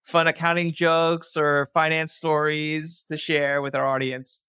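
A man's voice: fairly high pitch, flat delivery, a little slow, bright, forceful tone, clean tone, dry recording. A man hosting a podcast interview who asks friendly questions in a hesitant way, with many fillers and restarts. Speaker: podcast host.

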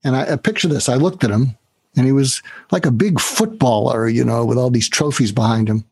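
A man's voice: medium pitch, fairly quick, gravelly, husky, no room sound. A man in an interview, an author and negotiation trainer, telling stories and acting out the dialogue in them. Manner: animated storyteller who acts out quoted dialogue. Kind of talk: storytelling in a podcast interview.

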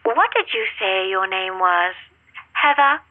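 A woman's voice: medium pitch, animated, measured pace, no room sound. An actress playing a curt, suspicious office accountant woman in an audio drama. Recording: tinny, husky phone line.

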